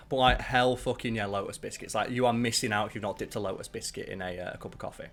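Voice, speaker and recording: A man's voice: fairly low pitch, fast talker, creaky, a bit bright, soft background music. Rambling, profane man. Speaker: channel host ranking biscuits. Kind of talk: casual live-stream chat.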